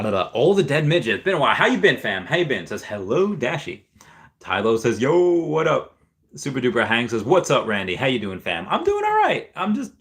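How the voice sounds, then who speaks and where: A man hosting a casual livestream, reading viewers' chat messages aloud, thinking out loud with fillers, and sometimes jumping into high squeals of delight. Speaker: livestream host.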